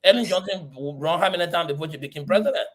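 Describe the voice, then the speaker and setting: A man's voice: a little high, fast, fairly bright tone. A middle-aged man from Liberia, arguing heatedly in a political discussion with repeated rhetorical questions. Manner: impassioned, repetitive, rhetorical questions. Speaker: panelist.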